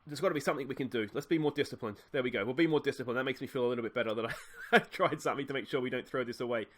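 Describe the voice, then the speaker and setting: A man casually commentating his football management game, cheering goals loudly and thinking aloud about tactics. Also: medium pitch, very fast. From Australia. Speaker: gaming YouTuber playing a football management game.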